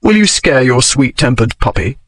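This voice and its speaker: A man's voice: medium pitch, big pitch swings, normal speed, a bit bright, no echo. Man doing a smug teasing duke from a romance audiobook, dry and mocking, close dry mic. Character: sardonic, teasing aristocratic English duke. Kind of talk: audiobook character voice.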